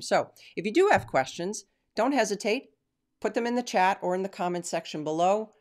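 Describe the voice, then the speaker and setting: Earnest woman host, low voice. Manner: earnest, emphatic, drawn-out stresses. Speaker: Christian teacher and show host. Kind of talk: prayer then teaching on a live stream.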